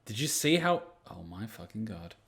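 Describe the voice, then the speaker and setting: A man hosting an anime reaction, talking casually over clips. His voice sits low. He is joking and blunt, with plenty of swearing. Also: big pitch swings, moderate pace, gravelly, a bit bright.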